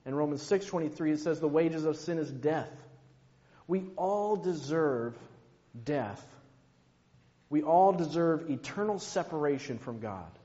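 A man preaching a sermon, slow and emphatic, dropping to a hush on key words. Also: fairly high pitch, animated. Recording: muffled, long hall reverb.

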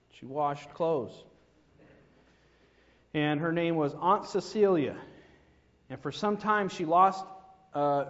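A man preaches a storytelling sermon in a church, building to emphatic peaks. His voice sits a little high and trails off in a long reverb. The recording is dull and lo-fi.

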